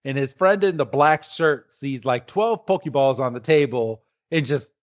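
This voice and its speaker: A man co-hosting a podcast in casual chat, retelling the plot with halting fillers. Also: medium pitch, animated, lo-fi sound. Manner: rambling, halting, with many fillers. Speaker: podcast co-host.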